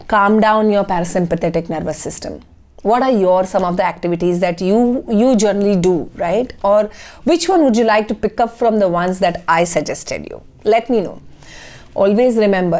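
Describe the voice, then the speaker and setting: A woman's voice: medium pitch, warm tone. A woman, speaking as a life coach in a motivational talk to camera and checking in often with "okay?".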